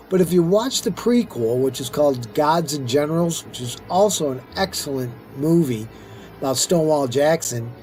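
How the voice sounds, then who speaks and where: Here a middle-aged let's-play host with a slightly high, mellow voice comments casually on his strategy gameplay. He rambles and chats, often talking to himself while playing.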